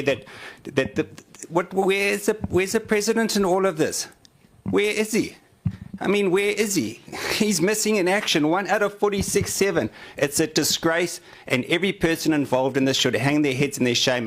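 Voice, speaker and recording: A man's voice: mid-range voice, a bit bright. An angry, indignant South African man speaking in a parliamentary committee debate as an opposition member, repeating himself for emphasis.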